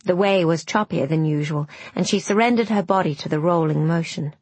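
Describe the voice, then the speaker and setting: A woman narrating an audiobook in a slow, measured storytelling manner. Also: lowish voice, darkish tone, breathy edge, dry recording.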